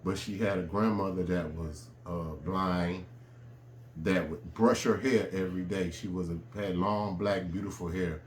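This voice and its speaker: A man with a lowish voice tells a personal story in an easy, conversational manner, leaning on fillers as he goes. His voice rings with a roomy echo, and a faint hum of ambience sits behind him. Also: measured pace. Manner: relaxed, conversational, frequent fillers.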